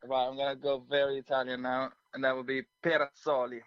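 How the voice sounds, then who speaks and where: A man's voice: medium pitch, completely flat delivery, fast, clear, resonant tone, no room sound, highs cut off. A man talking as a guest musician on a radio show, cheerful and laughing easily. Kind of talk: casual interview chat.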